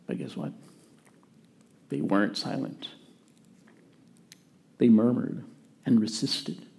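Gravelly-voiced man preaching a sermon. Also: lowish voice, very animated, slow pace. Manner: earnest preaching, drops to quiet emphasis. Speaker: pastor.

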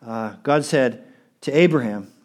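A man preaches a sermon in an earnest, emphatic voice of ordinary middle pitch. He leans on key words and repeats phrases to drive them home. He often turns to the congregation and asks them to respond. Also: a little slow, a little mellow. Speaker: pastor.

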